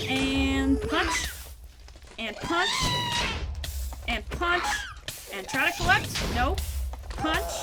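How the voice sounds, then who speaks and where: A woman casually narrating her modded game, playfully taunting mobs and talking herself through crafting. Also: high-pitched. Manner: playful, talks to mobs, mock-dramatic taunts. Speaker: gamer narrating her play. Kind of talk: casual let's-play commentary.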